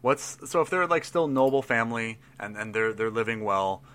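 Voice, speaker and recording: A man's voice: mid-range voice, expressive, normal speed, fairly bright tone, smooth. A man in casual chat, building a tabletop role-playing character and thinking aloud, rambling with restarts and laughs.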